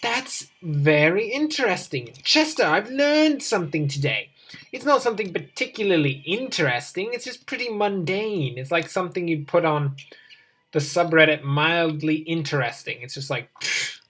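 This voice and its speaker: A woman's voice: lowish voice, expressive, moderate pace, a bit bright. A woman hosting a game let's play, rambling playfully and chatting to her in-game companion as she goes. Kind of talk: casual gameplay commentary.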